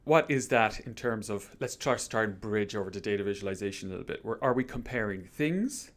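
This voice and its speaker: A man's voice: fairly low pitch, expressive, a little fast. A man presenting on a live stream, walking through a planning method in an upbeat, chatty, lightly joking way. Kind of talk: live stream workshop explanation.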